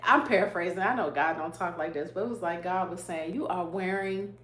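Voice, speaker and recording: A woman's voice: fairly low pitch, a little fast, fairly bright tone. A woman hosting a livestream, sharing an emotional faith testimony in an earnest way and answering viewer comments. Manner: earnest, emotional, laughs often; reads viewer comments aloud. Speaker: YouTube livestream host. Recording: echoey room, faint hum.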